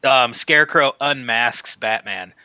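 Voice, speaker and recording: A man in casual panel chat, excitable, acting out quotes with a jumpy voice. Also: a little slow, clean tone, no room sound, dull audio. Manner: excitable, acts out quotes in a high voice.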